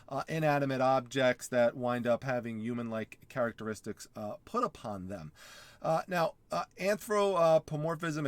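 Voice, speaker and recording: A man with a New York accent talks through collectibles in a loose, rambling way, stopping often on "uh" and starting his sentences over. His voice sits at an ordinary middle pitch, and the recording is close and dry with no room sound. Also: dry recording. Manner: rambling, many "uh" fillers and restarts; enthusiastic about word origins. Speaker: reseller channel host. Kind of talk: casual explainer vlog.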